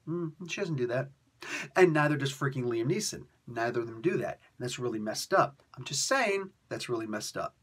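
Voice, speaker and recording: A husky-voiced man in a solo comic book review, ranting with sarcastic asides. His voice sits a little high and swings from loud bursts down to low, tired mutters. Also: lively intonation, fairly quick. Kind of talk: animated solo video review.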